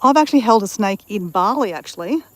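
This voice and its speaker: A woman's voice: mid-range voice, animated, fast talker, no room sound. Chatty woman rambling on a hike. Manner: chatty, rambling, greets viewers in chat. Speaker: vlogger. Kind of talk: casual live-stream chat while hiking. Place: outdoors on a bush walk.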